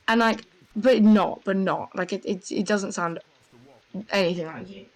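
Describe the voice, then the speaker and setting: A young woman telling a rambling, excitable story in casual voice chat, full of fillers. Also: medium pitch, unhurried, rough recording. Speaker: gamer.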